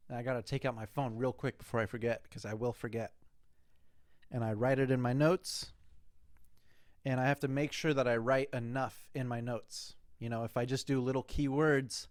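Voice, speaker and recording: Young guy just chatting, answering fan questions, rambly and sweary, middle pitched voice. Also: dry recording, clean studio sound. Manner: loose and rambling, with fillers and swearing. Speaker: host answering listener questions. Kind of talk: casual chat.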